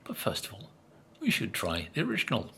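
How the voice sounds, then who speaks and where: An older vlogger tastes biscuits and muses casually, using lots of fillers and sometimes talking with his mouth full. His lowish voice swings hugely in pitch and is creaky, pushed, and bright, delivered a little fast over slight background noise.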